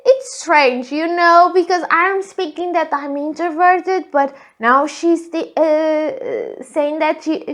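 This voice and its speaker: A woman from Portugal with a Portuguese accent, a native Portuguese speaker, hosting a reflective solo podcast in a thin, squeaky, girlish voice and pausing often on hesitant fillers. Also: a bit bright. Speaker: podcast host.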